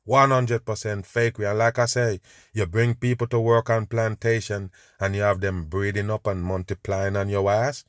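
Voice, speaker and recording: A man's voice: on the low side, flat delivery, normal speed, dry recording, studio quality. A man, hosting a podcast and ranting with scorn over video clips, calling his listeners "people" again and again. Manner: scornful, preachy, repeats "people". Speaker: podcast host reacting to clips.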